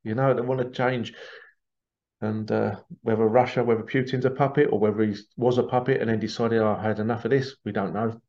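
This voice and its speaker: A man's voice: on the low side, steady tone, brisk, muffled recording. A man hosting a podcast, talking earnestly in a rambling, repetitive monologue. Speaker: podcast host. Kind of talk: casual monologue.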